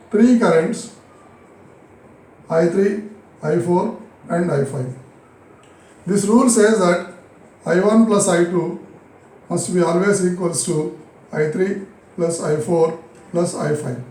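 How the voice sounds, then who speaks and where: A man with an Indian English accent teaching a physics lesson, repeating key phrases slowly and answering his own questions. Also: high voice, darkish tone, roomy sound, low-quality recording. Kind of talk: recorded classroom lesson.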